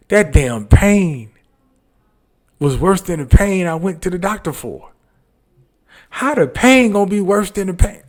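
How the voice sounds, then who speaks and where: Animated, profane man telling a story. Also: fairly high pitch. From Detroit. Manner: animated, profane, repeats phrases for punch. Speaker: comedian. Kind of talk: casual storytelling monologue.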